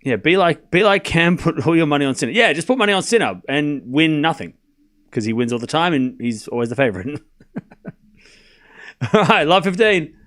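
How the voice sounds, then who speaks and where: A man's voice: fairly high pitch, big pitch swings, moderate pace, fairly bright tone. A man streaming a live tennis watchalong, mixing casual play-by-play with teasing replies to his chat. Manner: chatty, teasing, talks straight to his chat.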